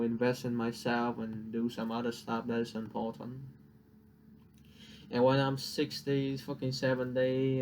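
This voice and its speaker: Young man, Vietnamese native, casual profane rant, unhurried delivery, middle pitch. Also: a little hiss or hum. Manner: profane, ranting, laughs at own jokes. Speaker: vlogger. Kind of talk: casual venting monologue.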